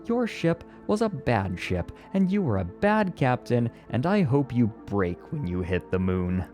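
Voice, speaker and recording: A man's voice: low-pitched, sing-song, normal speed, darkish tone, faint music behind. A man voicing a reckless astronaut who taunts and mocks his captain. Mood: defiant. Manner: mocking, taunting and defiant. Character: sneering, reckless male astronaut mutineer.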